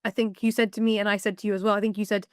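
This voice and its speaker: A woman's voice: medium pitch, racing, no room sound, studio quality. Woman retelling her story, laughing. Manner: lively, laughing retelling with quoted dialogue. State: emotional, close to tears. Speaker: podcast guest. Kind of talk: personal storytelling.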